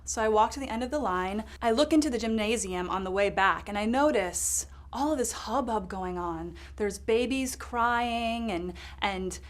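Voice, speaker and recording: An actress playing a ditzy, self-absorbed lifestyle correspondent in a comedy sketch, rambling through a story with lots of fillers. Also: female voice, fairly high pitch, moderate pace, hardly any pauses, close to an everyday voice. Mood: chatty. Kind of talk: improvised comedy sketch monologue.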